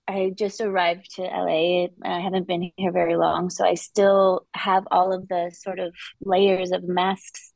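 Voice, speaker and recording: Brief: candid woman guest, low gravelly voice, dry close sound. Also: a little mellow, no room sound, poor audio. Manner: reflective, openly vulnerable, halting restarts. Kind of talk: candid interview conversation.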